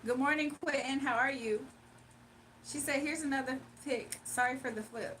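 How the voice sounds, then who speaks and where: Laughing and gushing all the while, a young female livestream host chats casually with viewers in a bright, high voice at normal speed. She is positioned away from the microphone, and a soft hiss sits underneath.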